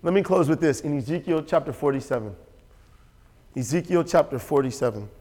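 A male pastor delivering a sermon with a fairly high voice. He is emphatic and repetitive, hammering his points home and asking the congregation for agreement. His voice rings out with the long reverb of a large hall. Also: animated, brisk, mellow. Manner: emphatic and repetitive, asks the audience for assent.

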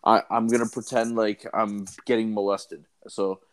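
A man in casual chat, telling a crude anecdote in a halting, rambling way with lots of fillers and swearing. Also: on the low side, level tone, clear, resonant tone.

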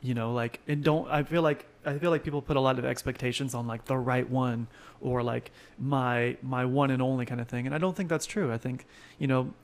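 A man's voice: mid-range voice, fairly even intonation, a little fast. A man chatting casually in a laid-back, rambling way, full of fillers. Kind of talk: casual chat.

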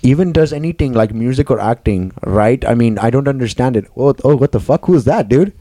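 A brash young man rants on a podcast, swearing constantly and circling back over his points. His voice sits at a middling pitch. It is recorded close and dry, with almost no room sound. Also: expressive, a little fast, no room sound. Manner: loud, profane, rambling rants. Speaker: podcast host. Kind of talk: casual podcast chat.

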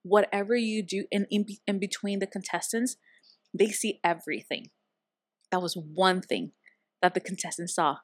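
A woman guest in a casual conversation, telling stories and acting out the dialogue lively. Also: medium pitch, moderate pace, no room sound, studio quality. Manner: lively, acts out quoted dialogue in her stories.

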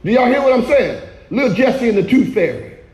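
A male pastor preaching a sermon in a church, shouting often and calling for the congregation to respond. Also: very high voice, big pitch swings, brisk, echoey room, poor audio.

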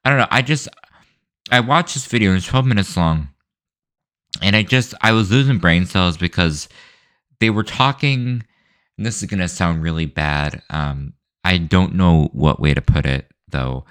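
A man's voice: low-pitched, moderate pace, fairly bright tone, no room sound, studio quality. A man hosting his own show, talking alone in a loose, rambling way, full of fillers, restarts and hedging asides. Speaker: show host. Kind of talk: solo opinion rant.

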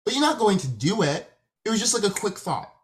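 A woman's voice: mid-range voice, very animated, a little fast. Young-sounding woman, hesitant casual co-host. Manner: hesitant, many fillers. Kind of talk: casual chat.

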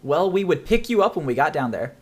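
A man's voice: fairly high pitch, very animated, a little fast. A man narrating as game master of a tabletop game, chatty and rambling with frequent laughs.

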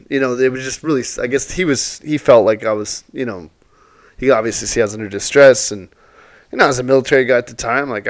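A man's voice: mid-range voice, no room sound. Man swearing through a casual story. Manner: profane, rambling, emotional anecdotes. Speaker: Airbnb host, former military.

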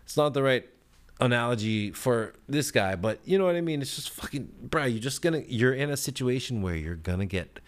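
A man hosting a podcast, telling a story in a profane, heated, rambling way, with lively swings in pitch and loudness. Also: a little fast. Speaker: podcast host. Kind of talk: casual storytelling rant.

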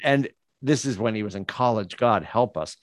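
A man's voice: on the low side, normal speed, dry recording. A man, co-hosting a casual sports podcast in a home studio, talking in long rambling tangents full of filler words. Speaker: podcast co-host. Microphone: studio podcast mic.

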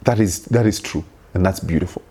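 Guy preaching a sermon, kinda husky, keeps asking the crowd the same questions. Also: deep voice, brisk, dark tone. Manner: earnest preaching, repeated rhetorical questions. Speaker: pastor.

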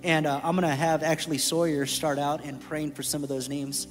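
A man's voice: on the high side, level tone, brisk. Man sharing a testimony in a hall. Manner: candid, storytelling, jokes with the room. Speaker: church staff speaker. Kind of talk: testimony sermon. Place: church sanctuary. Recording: reverberant hall with music.

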